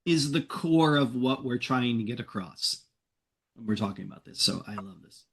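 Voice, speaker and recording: A man's voice: mid-range voice, animated, normal speed, creaky, fairly bright tone, breathy edge. A man co-presenting a webinar, replying in an easygoing, supportive way. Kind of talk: casual conversation.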